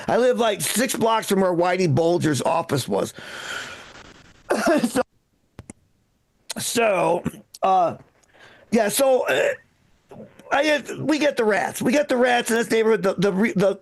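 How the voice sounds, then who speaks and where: Middle-aged guy doing standup, high gravelly voice, swears a lot, keeps restarting his sentences. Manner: rambling, profane, self-interrupting delivery. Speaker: stand-up comedian. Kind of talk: stand-up set. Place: live comedy stream with echo. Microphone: own microphone.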